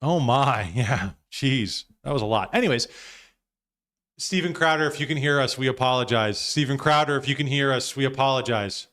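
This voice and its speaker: A man's voice: mid-range voice, moderate pace, fairly bright tone. A man hosting a live stream, giving loose, profane reaction commentary with frequent laughs.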